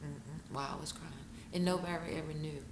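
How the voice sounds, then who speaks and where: A woman, a guest telling her story in an interview, emotional and quick to break into laughing retellings. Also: steady tone, creaky. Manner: emotional, bursts into laughing high-pitched retellings. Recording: echoey room with noticeable noise.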